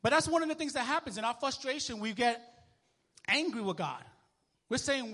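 A man preaching a sermon as minister, conversational and animated, checking in with the congregation as he goes. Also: very high-pitched, moderate pace, pauses often. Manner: animated, conversational preaching with sports illustrations and call-and-response. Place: church.

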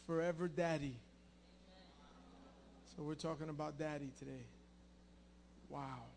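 Slow-spoken pastor, moved and reflective. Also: male voice, sits high, darkish tone, a little hiss or hum. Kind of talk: sermon. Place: church.

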